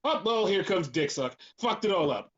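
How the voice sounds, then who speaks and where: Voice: mid-range voice, big pitch swings, normal speed, a bit bright. Profane, ranting podcast co-host, lo-fi. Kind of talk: casual chat.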